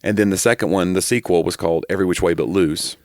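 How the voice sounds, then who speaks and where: A man with a somewhat low voice co-hosts a podcast in easygoing chat. He wanders through tangents and pokes fun at himself. The sound is dry and close. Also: fast talker, a little mellow, dry recording. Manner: rambling, self-deprecating storyteller. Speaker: podcast co-host. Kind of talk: casual chat.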